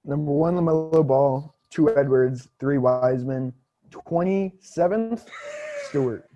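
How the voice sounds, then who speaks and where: A man's voice: medium pitch, level tone, moderate pace, poor audio. A young man co-hosting a casual sports podcast, talking hesitantly and stammering on restarts. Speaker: podcast co-host.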